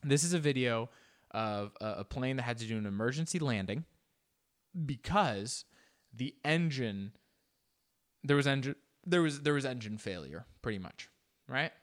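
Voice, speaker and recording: A man talks through a news clip in loose, casual commentary. His pitch swoops up and down as he jokes and slips into exaggerated squeaky voices. He speaks at a middle pitch for a man. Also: normal speed, long pauses. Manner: animated, joking, jumps into exaggerated high-pitched voices. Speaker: reaction video host.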